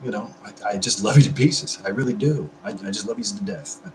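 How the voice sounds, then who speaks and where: A man's voice: on the low side, brisk, reverberant, background noise. A man chatting on a live stream, drinking beer while he answers comments, effusive, rambling and swearing constantly. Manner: effusive, rambling and heavily profane. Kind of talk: casual live-stream chat.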